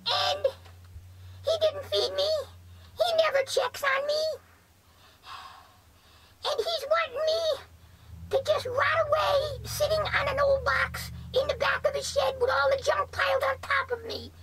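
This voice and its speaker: Feeble old man, squeaky high, pleading, whimpering, far off. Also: flat delivery, a little slow, pauses often, sharp tone, slight background noise, exaggerated voice. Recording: voice far from the mic.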